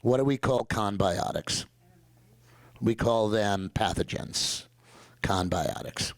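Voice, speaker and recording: Animated New York man giving a talk. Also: fairly low pitch, takes it slowly, dry recording, low-quality recording. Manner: animated, joking, emphatic storyteller. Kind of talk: conference presentation.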